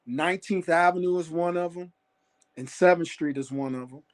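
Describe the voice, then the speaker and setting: A man's voice: fairly high pitch, moderate pace. A man on a call telling a long personal story in a rambling way, with many fillers and restarts. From Phoenix area. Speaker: caller sharing a sighting. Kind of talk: casual storytelling. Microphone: phone on a call.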